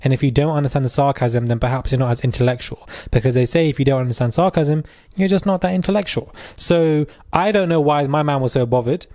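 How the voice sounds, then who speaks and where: A man's voice: medium pitch, quick pace, darkish tone, no echo, studio quality. A young man with a British accent hosting his own podcast, chatting casually in a sarcastic, rambling way with plenty of fillers. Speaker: podcast host. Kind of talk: casual chat.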